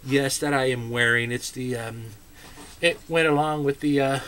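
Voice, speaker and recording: A man's voice: medium pitch, fairly even intonation, normal speed, fairly bright tone, a little hiss or hum. An American man telling childhood stories to camera in a casual, rambling way, full of asides and filler words. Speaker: vlogger.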